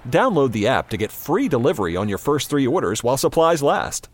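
A man's voice: mid-range voice, sing-song, fairly quick, dry recording. Male commercial voice-over. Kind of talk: scripted commercial read.

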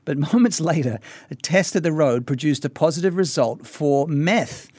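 A man's voice: a little high, lively intonation, normal speed, a little mellow, dry recording. A man from Australia hosting a radio show, casually summarising a news story with easy fillers. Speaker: radio host. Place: radio studio in Singapore. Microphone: studio mic.

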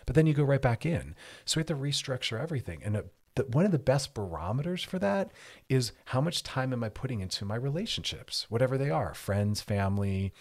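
A man hosting a radio advice show, talking in a lively, animated way and now and then slipping into mocking voices. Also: mid-range voice, a little fast. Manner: animated, lively, often slips into mocking put-on voices for others. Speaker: radio show host and therapist.

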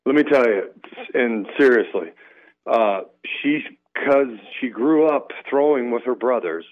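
A man calling in as a radio guest, telling stories in a relaxed way with lots of fillers. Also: medium pitch, measured pace. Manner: relaxed, storytelling, many fillers. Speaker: guest, former pro baseball player. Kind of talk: casual radio interview. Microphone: phone line. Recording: tinny phone line.

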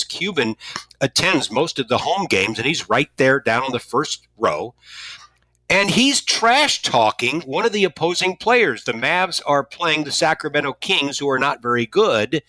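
A man's voice: medium pitch, bright, forceful tone, dry recording, rough recording. A man in his sixties from St. Louis, hosting a radio talk show in a casual, rambling way with frequent restarts and asides. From St. Louis, USA.

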